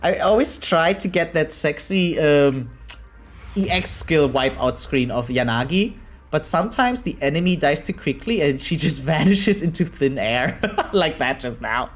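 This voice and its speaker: A man's voice: a little high, expressive, unhurried. A man from Germany with a German accent, streaming a game live and chatting casually with his viewers, laughing often as he answers chat.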